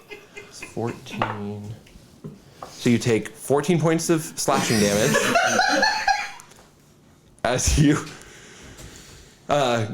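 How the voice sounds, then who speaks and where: A man as dungeon master, narrating combat and calling for rolls in a lively, laughing way. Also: medium pitch, heavy background noise. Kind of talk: running a tabletop game.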